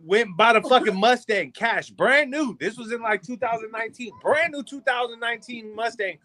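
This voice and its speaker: A man's voice: very high voice, fairly quick. A man, co-hosting a podcast, telling profane stories and acting out every quote. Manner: profane, animated, acts out quotes. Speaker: podcast co-host. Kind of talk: casual storytelling among friends.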